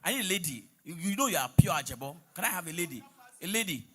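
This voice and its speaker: A man's voice: on the high side, expressive, fast talker, pushed and bright, slightly rough, soft background music. A man with a Nigerian accent doing stand-up crowd work on stage, teasing the audience, mixing in pidgin and breaking into bits of song. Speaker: comedian on stage.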